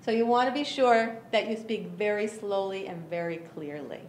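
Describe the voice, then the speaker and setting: A woman teaching an English class for job seekers, speaking slowly and clearly, encouraging and often laughing. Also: mid-range voice, expressive, slight background noise. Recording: echoey classroom.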